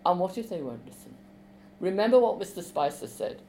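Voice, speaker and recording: A woman reading aloud as a teenage boy, pressing urgently in a low, hushed voice. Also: big pitch swings, brisk, creaky, a little hiss or hum, poor audio.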